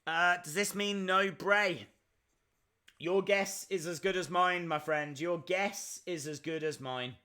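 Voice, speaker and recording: A man's voice: high-pitched, slow, sharp tone, clear, resonant tone. A man hosting a live reaction stream, chatting and answering viewer questions as they come in.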